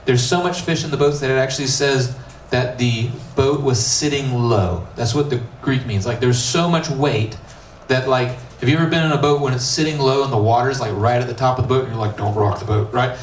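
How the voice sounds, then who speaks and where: A man preaching a youth sermon, a middle school pastor who retells the story in a lively, casual way and acts out the characters' lines. His voice sits at an average pitch and is heard from some distance in an echoey room. A faint ambience runs behind him. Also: fairly quick, hardly any pauses, a little hiss or hum. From United States. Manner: animated storytelling, acting out dialogue with casual asides.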